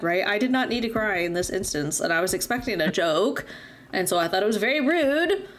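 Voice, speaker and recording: A young woman streaming a game, chatting casually and telling a rambling story full of fillers. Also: medium pitch. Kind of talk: casual chat while gaming.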